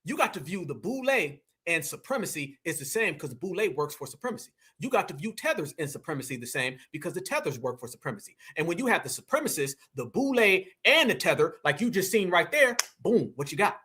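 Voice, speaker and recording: A man's voice: on the high side, sing-song, fast, few pauses, bright, forceful tone, husky. A man hosting a reaction commentary, mocking and taunting in slangy street talk. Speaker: commentary host.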